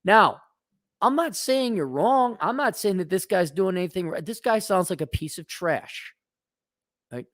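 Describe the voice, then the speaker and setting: A man with a somewhat high voice gives blunt, casual advice. He talks in a sarcastic, stop-start way, repeating words as he goes. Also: expressive, a little slow, a bit bright, no echo, studio quality. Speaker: host.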